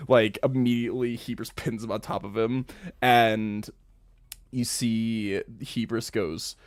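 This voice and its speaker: Low-voiced young man running a game. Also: fairly even intonation, a little slow, no echo, studio quality. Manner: loose, rambling with fillers. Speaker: game master. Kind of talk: narrating a tabletop game.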